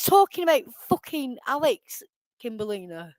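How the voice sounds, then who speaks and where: A woman's voice: mid-range voice, unhurried, no echo, low-quality recording. A woman on a live stream, ranting angrily and swearing heavily as she reacts to a clip. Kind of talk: angry live-stream rant.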